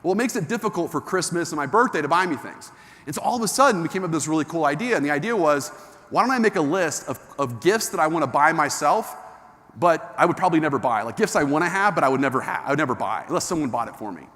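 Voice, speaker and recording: A man giving an animated, enthusiastic motivational talk to a live audience, telling a story with lots of energy. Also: a little high, quick pace. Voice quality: enthusiastic, animated delivery with frequent restarts. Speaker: motivational speaker. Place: large hall with an audience. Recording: long hall reverb from a live talk.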